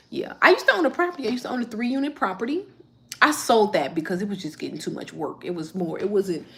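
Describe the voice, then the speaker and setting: Animated chatty woman livestreaming. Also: mid-range voice. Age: 30s. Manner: chatty, rambling, reading and answering viewer comments. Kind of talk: casual livestream chat.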